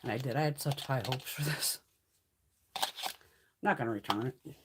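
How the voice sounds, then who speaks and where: A woman's voice: a bass voice, normal speed, noisy background. A woman hosting a casual livestream chat, swearing freely and laughing through her stories. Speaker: livestream host.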